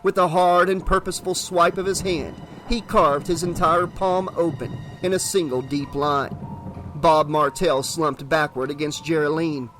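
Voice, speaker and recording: A man narrating a horror novel as an audiobook, steady and dramatic. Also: on the high side, a little slow, faint music behind.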